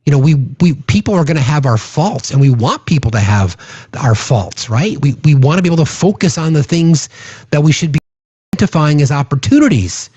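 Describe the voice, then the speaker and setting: A man's voice: a little high, animated, brisk, a little mellow, husky, no echo. Earnest man hosting a political livestream. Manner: earnest, many restarts and "right?" asides. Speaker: livestream host. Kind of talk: casual political livestream chat.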